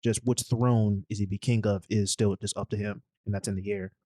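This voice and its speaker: Deep mellow-voiced man recapping a movie. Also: fairly even intonation, a little fast, dry recording. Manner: rambling, loose plot retelling with slangy asides. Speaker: podcast co-host. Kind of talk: casual movie recap chat.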